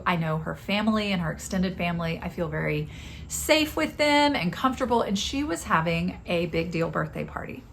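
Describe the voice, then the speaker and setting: A woman's voice: on the low side, a little hiss or hum. Woman telling a candid personal story. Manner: candid and confessional. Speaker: podcast host.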